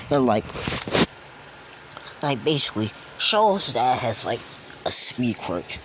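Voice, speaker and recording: A man's voice: medium pitch, big pitch swings, takes it slowly, pauses often, heavy background noise. A man casually retelling a fan story, rambling and slangy with many fillers.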